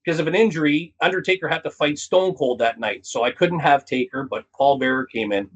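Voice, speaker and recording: Husky-voiced animated storytelling man. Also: fairly quick, muffled recording. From Canada. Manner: animated storyteller, acts out quotes in a higher voice. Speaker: comedian guest. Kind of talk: casual storytelling interview.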